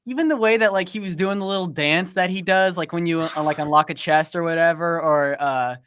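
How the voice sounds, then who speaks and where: A man's voice: fairly high pitch, brisk, fairly bright tone, clean tone, no room sound, studio quality. A man who creates fan films, chatting casually with a teasing, filler-heavy way of talking. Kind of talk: casual chat.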